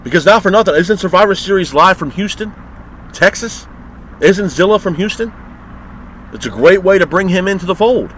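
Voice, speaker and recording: A fired-up man on a profane rant, his voice sitting a little high as he vents in exasperation. Faint street and car noise hums behind him. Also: animated, normal speed, fairly bright tone, poor audio. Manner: heated, exasperated, swears constantly. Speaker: wrestling review host. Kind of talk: profane ranting review.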